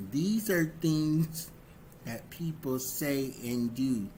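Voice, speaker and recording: Slow, deliberate man giving a talk. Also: fairly high pitch, warm tone, slight background noise. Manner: slow, deliberate, repeating key phrases for emphasis. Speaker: relationship speaker. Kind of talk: livestreamed motivational talk.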